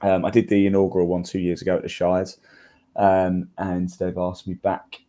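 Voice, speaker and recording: A man's voice: sits low, moderate pace. A man with a British accent co-hosting a podcast, chatting casually and with enthusiasm. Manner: relaxed, enthusiastic storyteller. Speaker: podcast co-host.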